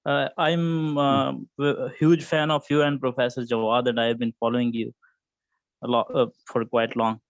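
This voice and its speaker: A man's voice: medium pitch, level tone, normal speed, dry recording. A man asking a polite, hesitant question during a webinar over a video call, with many filler sounds. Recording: dry, dull video call audio.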